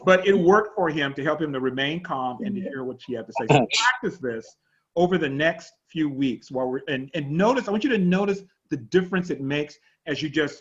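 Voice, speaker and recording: A man's voice: fairly high pitch, brisk. Man pastor telling stories over a call. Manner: chatty, animated storyteller. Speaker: pastor and teacher. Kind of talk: teaching an online class. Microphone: video call. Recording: dull lo-fi online call audio.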